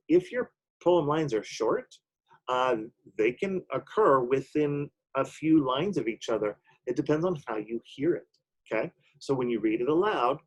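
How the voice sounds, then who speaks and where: A man's voice: on the high side, a little mellow, breathy edge, rough recording. Patient man teaching a poetry lesson. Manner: patient, explaining step by step with frequent "okay?" check-ins.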